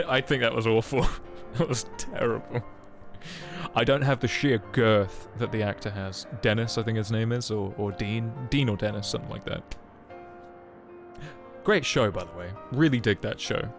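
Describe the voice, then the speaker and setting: A man's voice: on the low side, moderate pace, creaky. Rambling, self-mocking male streamer. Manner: rambling, self-mocking, full of fillers and joking asides. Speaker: game streamer. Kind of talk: casual live-stream chat. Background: faint game music.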